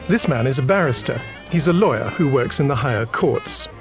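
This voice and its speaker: A deadpan narrator from an educational game, read by a man, slow and matter-of-fact at a middle pitch. Game music sits clearly under every line. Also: lightly acted. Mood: flat. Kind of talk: scripted narration.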